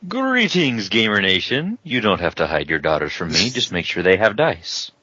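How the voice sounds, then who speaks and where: A man's voice: fairly low pitch, sing-song, normal speed, bright, forceful tone, no room sound. Wisecracking male podcast co-host. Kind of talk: casual chat. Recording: dull, lo-fi podcast audio.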